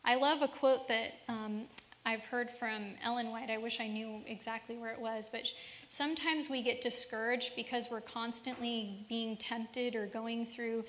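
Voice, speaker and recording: Casting: woman seminar speaker, high voice, rhetorical questions to the audience, reverberant church hall. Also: steady tone, moderate pace, a bit bright, slight background noise. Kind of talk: faith-based parenting seminar talk.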